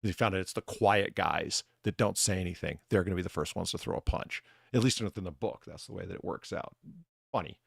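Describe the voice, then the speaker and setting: A man hosts a casual chat as a podcast host with a bartender persona, his low voice gravelly with a breathy edge and fairly quick. The clean studio sound has no echo. He tells animated stories, laughs a lot, acts out dialogue, and swears casually.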